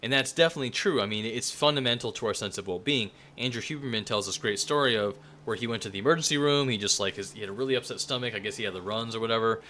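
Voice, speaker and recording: A man's voice: medium pitch, rapid-fire, hardly any pauses, pushed and bright, slight background noise. A man giving a casual spoken lecture, talking loosely with plenty of fillers and restarts.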